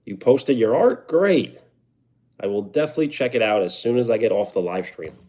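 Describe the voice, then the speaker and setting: Chatty New York man, lively pitch. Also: brisk. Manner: relaxed, chatty, answers viewer comments. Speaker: livestreamer. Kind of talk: casual live stream chat.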